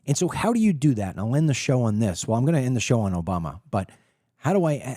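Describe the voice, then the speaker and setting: A middle-aged man holds forth in an emphatic political monologue, piling up rhetorical questions and repeating words as he builds each point. His voice is mellow and dark, and the recording is dry and close with no room sound. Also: medium pitch, very animated, fast, no room sound. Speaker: political talk show host. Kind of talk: opinionated monologue to camera.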